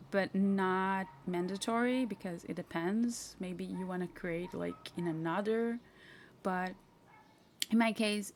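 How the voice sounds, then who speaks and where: Chatty woman with a gravelly voice. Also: medium pitch, darkish tone. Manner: chatty, self-mocking, talks to herself while clicking. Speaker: software tutorial host. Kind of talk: casual screen-share tutorial.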